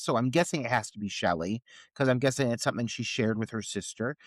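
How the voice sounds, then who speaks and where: A man's voice: mid-range voice, no room sound. A man co-hosting a horror movie podcast, ranting in casual, profane, sarcastic chat. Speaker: podcast co-host.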